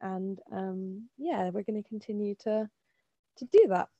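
A woman's voice: mid-range voice, a little slow, warm tone, dry recording, lo-fi sound. A young woman co-hosting a podcast in casual, chatty talk, full of fillers and laughter. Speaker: podcast co-host. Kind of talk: casual chat.

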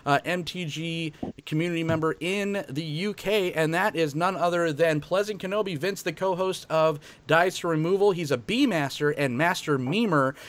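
A man hosting a casual card-game show, joking and halting with fillers and restarts. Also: fairly high pitch. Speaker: podcast host.

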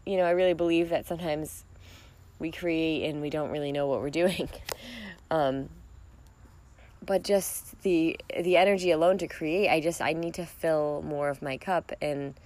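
A woman's voice: low-pitched, steady tone, normal speed, darkish tone. A woman hosting a solo podcast, talking in a rambling, reflective way and laughing often. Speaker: podcast host. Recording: music playing behind.

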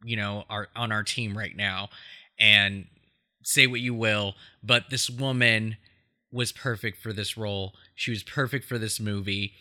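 A man's voice: fairly low pitch, steady tone, measured pace, pushed and bright. A man hosting a podcast, chatting casually about a film with many fillers and frequent laughs. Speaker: podcast host.

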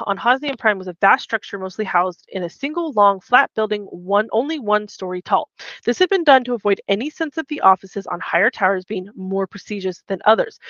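A woman's voice: medium pitch, a bit bright, no room sound. Woman podcast host, casual recap, acts out quotes, muffled lo-fi sound. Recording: dull muffled mic.

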